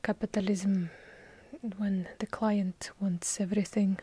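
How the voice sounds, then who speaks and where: A woman with a heavy Russian accent doing whispered ASMR, with dry, deadpan joking asides. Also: mid-range voice, a little slow, husky. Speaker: ASMR creator. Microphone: handheld recorder up close.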